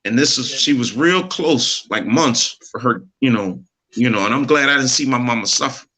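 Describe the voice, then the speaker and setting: A man's voice: medium pitch, animated, normal speed, pushed and bright. A middle-aged man telling a personal story in casual chat, earnest and preachy, laughing easily. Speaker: podcast co-host.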